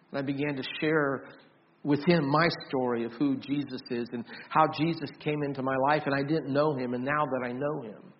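A man preaching a sermon as pastor, earnest, often repeating and restarting words, swinging from loud emphasis to soft, quiet storytelling. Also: medium pitch, highs cut off, a little hiss or hum. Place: church.

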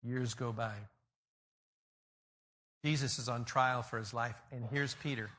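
A male pastor preaching a sermon, telling the story in an animated way and swinging between loud peaks and quiet passages. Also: mid-range voice, a little slow, a little hiss or hum.

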